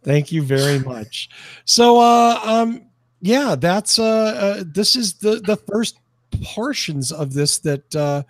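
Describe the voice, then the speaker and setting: A man co-hosting a podcast in casual chat, joking and animated, full of fillers and restarts. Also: high-pitched, slow, no room sound, studio quality. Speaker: podcast co-host.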